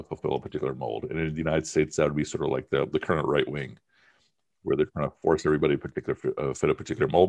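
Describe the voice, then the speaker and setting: Really deep voiced guy teaching, casual and emphatic, lots of um and you know. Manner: conversational, emphatic, uses many fillers. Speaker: religion teacher. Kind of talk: informal class discussion.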